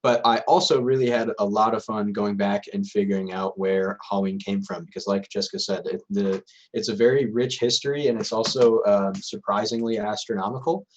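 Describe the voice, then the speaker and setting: A man's voice: fairly low pitch, fairly even intonation, a little fast. A young man presenting a casual livestream lecture with a loose, hesitant delivery. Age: young adult.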